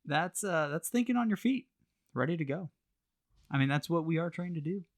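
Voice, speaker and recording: A woman co-hosting a podcast, chiming in casually with lively, approving remarks. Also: lowish voice, normal speed. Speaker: podcast co-host.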